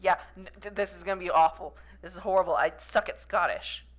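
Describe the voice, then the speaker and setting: A woman's voice: on the low side, steady tone, brisk. A young woman chatting casually while playing a story game, reading its text aloud and puzzling over it. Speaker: game streamer. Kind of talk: casual gameplay commentary.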